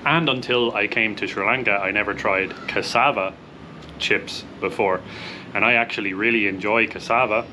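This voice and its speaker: A man's voice: fairly low pitch, noisy background. A young Irish man hosting a casual vlog, upbeat as he tries snacks and rates them out of ten. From Ireland. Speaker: vlog host.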